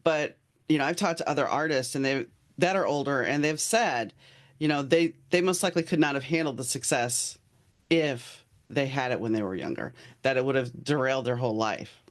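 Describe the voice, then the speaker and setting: A man's voice: mid-range voice, brisk. Man hosting a casual interview. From New Orleans. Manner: conversational, shares own stories. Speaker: show host.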